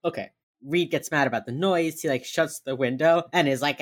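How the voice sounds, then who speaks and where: A woman co-hosting a casual chat, retelling a TV episode with animated voices for the characters and frequent laughs. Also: low-pitched, moderate pace. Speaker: podcast co-host recapping a TV episode.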